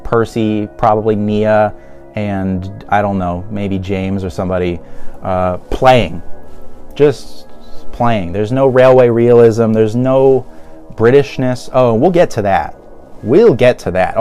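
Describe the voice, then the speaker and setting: A man's voice: on the low side, normal speed, dark tone, faint music behind. A man giving casual review commentary in a sarcastic, exasperated manner. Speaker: video reviewer.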